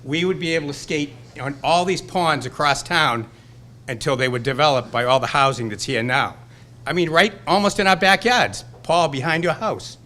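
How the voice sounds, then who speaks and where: A man in his sixties from Burlington, Massachusetts, with a Boston accent, gives a hall of fame banquet acceptance speech. His voice is a little high, bright and forceful at a normal speed as he tells rambling, nostalgic, fired-up stories.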